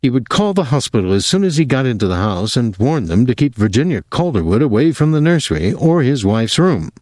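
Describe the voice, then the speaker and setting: A man narrating a novel aloud in a lively, expressive reading style. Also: mid-range voice, a little fast, no echo, clean studio sound. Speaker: audiobook narrator. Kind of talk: scripted narration.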